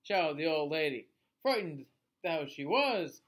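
A male teacher reading a picture book aloud to children in an expressive voice, asking them questions along the way. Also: a little high, a little slow. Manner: expressive, asks listeners questions.

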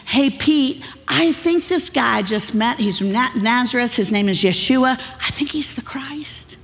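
A woman voicing Andrew, an excited, earnest younger brother, with a long church-hall reverb. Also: fairly high pitch, a little slow, gravelly, voice pushed up, exaggerated voice.

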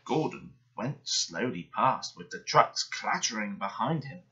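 Fields: Sex: man. Style: bedtime story reading. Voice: lively, bright. Sound: dull lo-fi. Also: on the low side, measured pace. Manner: gentle, expressive reading.

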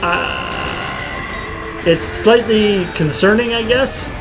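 A man's voice: sits high, takes it slowly, poor audio. Playful man on a game stream. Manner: joking, playful. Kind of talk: casual gameplay chat. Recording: game music behind the voice.

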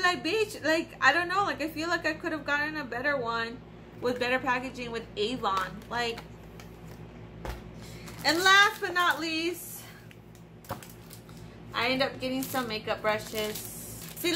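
A woman's voice: on the high side, background noise. A young woman casually unboxing beauty products on her vlog, ranting bluntly and swearing freely. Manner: profane, blunt, animated ranting. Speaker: beauty vlogger.

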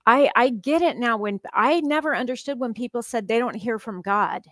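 Earnest, animated woman podcast guest. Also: fairly high pitch, moderate pace, no room sound. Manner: animated, laughs often, earnest storytelling. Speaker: podcast guest, psychologist and author. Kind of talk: casual conversational interview.

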